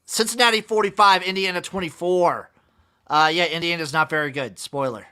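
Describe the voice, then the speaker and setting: A man hosting a casual sports podcast, running through scores with wry, deadpan remarks. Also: sits high, normal speed, clean tone. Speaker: podcast host.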